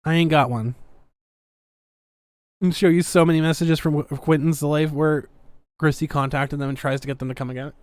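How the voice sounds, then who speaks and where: A woman's voice: low-pitched, fairly even intonation, moderate pace, pauses often, a little mellow, dry recording. A woman hosting a podcast, ranting in a sarcastic, defiant way as she comments casually. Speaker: podcast host.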